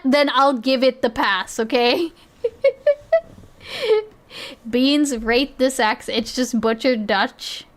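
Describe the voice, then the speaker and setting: A woman's voice: high voice, a bit bright. A woman with a South Asian accent, streaming and reacting in rambling, casual chat that is full of swearing and frequent laughter.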